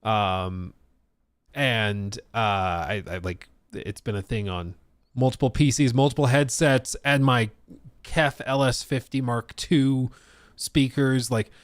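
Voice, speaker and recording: A man's voice: medium pitch, slow, clear, resonant tone, dry recording. A man chatting casually on a live stream, reacting to gaming news, rambling, laughing and reading chat comments aloud.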